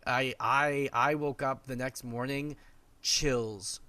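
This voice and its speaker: A man co-hosting a podcast in casual chat, a bit hoarse and joking around. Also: medium pitch, steady tone, slow, sharp tone, no echo. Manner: joking, laughs often. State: hoarse, recovering from a vaccine. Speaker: podcast co-host.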